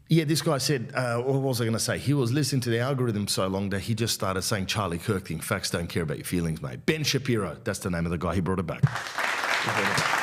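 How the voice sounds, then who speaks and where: A man, a comedian and podcast host delivering a rambling, profane rant. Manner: rambling, profane and provocative, with lively pitch swings.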